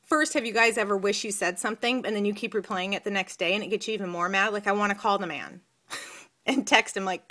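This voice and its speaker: Rambling, animated woman vlogger. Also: medium pitch, a little fast. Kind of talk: casual chat to camera.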